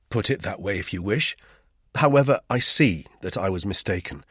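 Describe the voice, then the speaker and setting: Male audiobook narrator: deep husky voice, lively tense delivery, dry studio sound. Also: normal speed, no room sound. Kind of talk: first-person novel narration.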